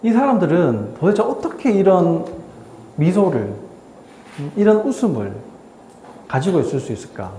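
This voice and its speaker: A man's voice: high-pitched, very animated, rapid-fire, pauses often, dark tone, a little hiss or hum. A man giving a lecture at a medical forum, reading a passage aloud and then explaining it with rhetorical questions. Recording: lecture hall, echoey and distant.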